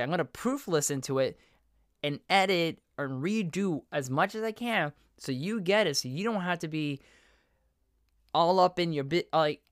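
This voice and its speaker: Speaking with a fairly high pitch, a podcast host and voiceover artist talks earnestly in a casual solo monologue on his own show, rambling and correcting himself mid-sentence. The studio sound is clean, with no echo.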